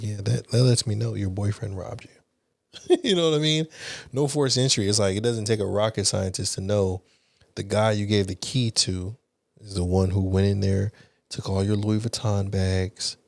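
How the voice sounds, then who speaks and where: Young adult man, podcast guest; low voice, dry close sound, candid and animated storytelling. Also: vocal fry, dry recording. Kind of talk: casual storytelling.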